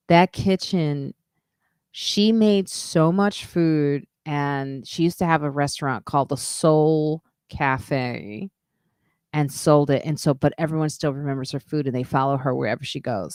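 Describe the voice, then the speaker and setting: A woman comedian with a low voice hosts a casual live stream and talks straight to her viewers. The sound is close and dry, and her chatty, self-deprecating stories wander and restart as she goes. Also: darkish tone, no echo. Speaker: comedian and podcast host.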